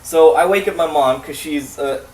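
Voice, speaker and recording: A man's voice: a little high, normal speed, darkish tone. A young man telling a long, profane story in a loose, rambling way, with frequent laughs and asides, as casual commentary over a game. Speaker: let's play commentator. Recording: echoey room, mic at a distance.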